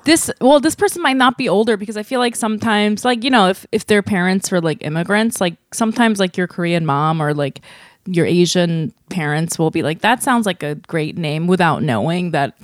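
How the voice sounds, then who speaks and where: A woman's voice: lowish voice, a little fast, no room sound, studio quality. Playful, rambling female podcast co-host. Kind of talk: casual chat.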